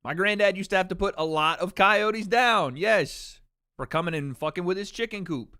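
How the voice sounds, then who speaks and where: A man's voice: high voice, moderate pace, bright, forceful tone, clean tone, no echo, clean studio sound. A man hosting a livestream watch party in casual chat, brash and opinionated, swearing freely.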